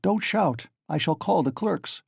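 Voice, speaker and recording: A man's voice: a little high, animated, unhurried, vocal fry, breathy edge, dry recording, clean studio sound, pitched above the performer's own voice, exaggerated voice. A man voicing a sly, ironic middle-aged examining lawyer who mocks and chuckles good-humoredly in a storybook reading. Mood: mocking.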